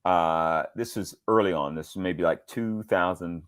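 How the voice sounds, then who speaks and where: A middle-aged man from Georgia, a voice actor being interviewed, telling animated stories and acting out quotes in different voices. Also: low-pitched, measured pace, clean tone. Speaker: voice actor guest. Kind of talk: casual interview storytelling.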